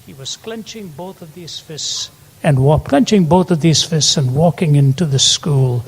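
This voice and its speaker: A man's voice: on the high side, measured pace, breathy edge. An older man preaching a sermon, telling stories earnestly and building to emphatic peaks. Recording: long hall reverb.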